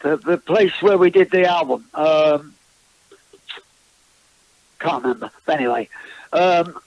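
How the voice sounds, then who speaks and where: A man's voice: fairly high pitch, a little slow, no echo, dull audio. An older man, a guest musician, recalling past tours in a casual interview, chatty and rambling with frequent restarts and chuckles. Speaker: guest musician, former backing singer.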